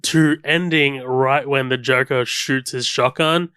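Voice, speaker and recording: A man's voice: medium pitch, fairly even intonation, a little slow, pushed and bright, clean tone, no room sound, studio quality. A man co-hosting a podcast, chatting casually about a film and eagerly walking through his favorite scenes. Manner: enthusiastic, recounts scenes and hums the score. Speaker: podcast co-host. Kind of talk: casual film commentary chat.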